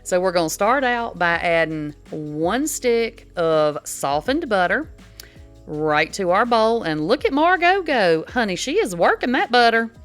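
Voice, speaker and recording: A woman's voice: mid-range voice, sing-song, unhurried, a bit bright, soft background music. An older woman, hosting a casual home cooking demo in her kitchen, folksy and chatty. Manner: chatty, folksy, says y'all a lot. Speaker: cooking channel host.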